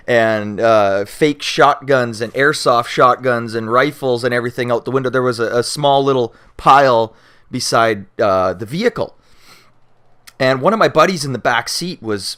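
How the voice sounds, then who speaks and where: A young Canadian man with a mid-range voice tells a story in a loose, casual way. He is animated and swears freely, often stumbling and restarting his sentences. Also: mid-range voice. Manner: animated, acts out shouting cops and panicked friends. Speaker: YouTuber answering viewer questions.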